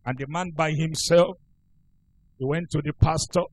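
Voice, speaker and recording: A man's voice: fairly high pitch, fairly even intonation, normal speed, darkish tone, no echo, poor audio. A male pastor preaching a sermon, telling a story with emphatic delivery.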